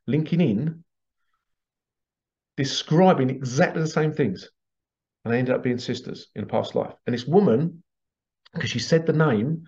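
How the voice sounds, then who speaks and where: A man with a gravelly edge to his mid-range voice tells workshop stories in a chatty, animated way, often breaking into laughter. The sound is dull and lo-fi. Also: medium pitch. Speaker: past life regression workshop leader. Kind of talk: casual storytelling promo. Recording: dull lo-fi recording.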